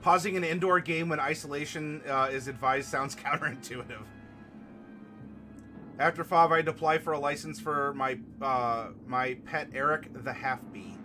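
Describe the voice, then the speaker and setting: A man hosting a casual live stream and answering viewer comments, playful and fond of puns, turning gentle and consoling when a viewer is sad. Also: a little high, normal speed. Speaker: streamer hosting a tabletop game channel. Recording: music playing clearly behind the voice.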